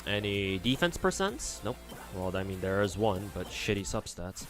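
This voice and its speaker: Guy streaming a game, talks to himself, swears a lot, voice jumps all over, quiet music behind. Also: fairly low pitch, sing-song, normal speed. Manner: swears freely, muttering to himself. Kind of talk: casual gameplay commentary. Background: faint game music.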